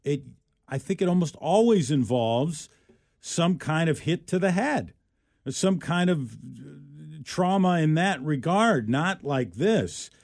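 A man's voice: fairly high pitch, sing-song, slow pace, darkish tone, no echo. Joking talk-radio man, dry close mic. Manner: rambling, restarts often, joking. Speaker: radio show co-host. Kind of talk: casual talk radio banter.

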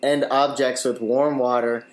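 A young man co-hosting a podcast in relaxed, joking casual chat, swearing casually. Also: medium pitch, unhurried. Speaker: podcast co-host. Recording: echoey room.

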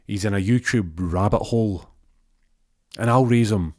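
A man's voice: lowish voice, moderate pace, darkish tone, dry recording, studio quality, lightly acted. A man voicing a sneering, villainous gangster who gloats and threatens. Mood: gloating. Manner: gloating, menacing.

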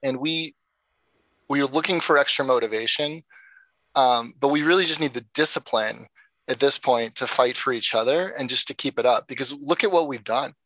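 A man's voice: mid-range voice, moderate pace, sharp tone, no echo, highs cut off. A man speaking as an interview guest, earnest and upbeat, with frequent ums and sort-ofs. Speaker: guest, nonprofit founder. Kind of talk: casual interview.

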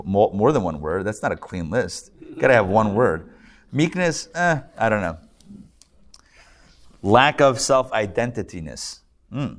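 A man, a rabbi, teaching a live class in a joking, conversational way and checking in with his audience. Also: fairly low pitch. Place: lecture room with a live audience and online viewers.

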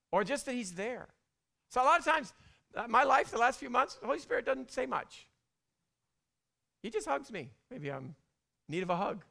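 Preaching with a high, bright, creaky voice, the middle-aged male pastor keeps his sermon animated. He sinks into hushed whispers and then climbs to loud bursts.

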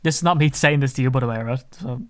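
A man co-hosting a casual sports podcast, rambling and animated as he goes off on tangents. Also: mid-range voice, very fast, dry recording, clean studio sound. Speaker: podcast co-host.

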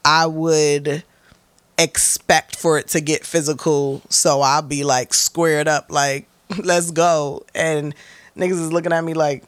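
A young woman is an interview guest, telling stories in a blunt, profane and animated way and acting out the quotes. Her voice is deep and a little slow, with no echo.

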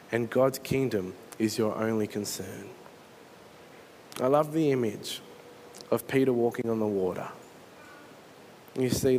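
A man preaching from the pulpit in an earnest, storytelling way. His voice sits at a middle pitch, and he builds scenes with feeling. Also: a little mellow, slight background noise. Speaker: pastor. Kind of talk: sermon.

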